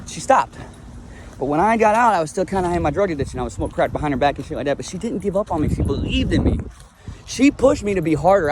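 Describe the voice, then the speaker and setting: A man's voice: fairly high pitch, darkish tone, slight background noise. A young man from Florida telling his life story in a blunt, rambling, casual monologue, swearing freely.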